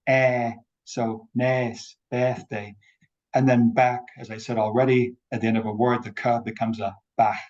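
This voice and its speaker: A man's voice: mid-range voice, darkish tone. A man giving an explanatory academic talk over a video call, repeating words to demonstrate sounds. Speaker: invited speaker on accents. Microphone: video call microphone. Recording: dull lo-fi video call audio.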